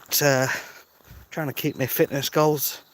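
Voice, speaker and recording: A thirtysomething man streams live from a village road at daybreak, phone in hand as he walks and chats, greeting viewers by name. He speaks at a measured pace in a mid-range voice with a steady tone.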